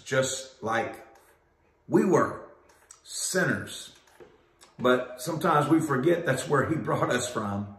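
Brief: male preacher, measured unhurried delivery, emphatic swells, reverberant space. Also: mid-range voice, a bit bright. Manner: emphatic, drawn-out preaching with rising peaks. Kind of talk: weekly devotional sermon. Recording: roomy echo.

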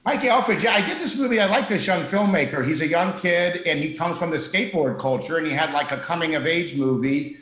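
A man's voice: on the high side, fairly bright tone. Rambling male actor, roomy studio sound. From Chicago area. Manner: rambling, self-interrupting, wry. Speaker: guest actor. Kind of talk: talk show interview chat.

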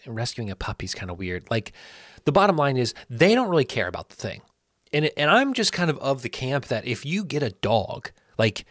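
A man hosting his own sports channel, thinking aloud in a loose, self-correcting ramble that turns animated when he rants. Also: medium pitch, no room sound, studio quality. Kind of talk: casual solo commentary.

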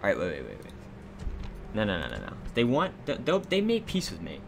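Joking, low-voiced gameplay commentator man. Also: huge pitch swings, fairly quick, gravelly, slight background noise. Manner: joking, sarcastic, mock-dramatic. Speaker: let's play host.

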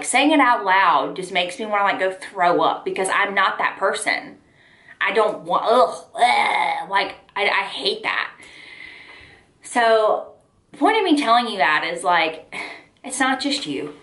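A woman's voice: medium pitch, lively intonation, a little slow, a bit bright, reverberant. A young woman talking candidly to camera, chatty and full of "like" and "y'all". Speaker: lifestyle vlogger. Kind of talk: casual heart-to-heart talk to camera.

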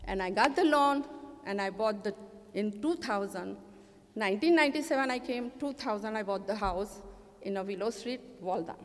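A woman's voice: medium pitch, lively intonation, normal speed, a little hiss or hum. Indian woman storyteller in a reverberant hall. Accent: Indian English. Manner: earnest, plain non-native English, voices the people in her story. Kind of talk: personal storytelling at a community show. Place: community event stage.

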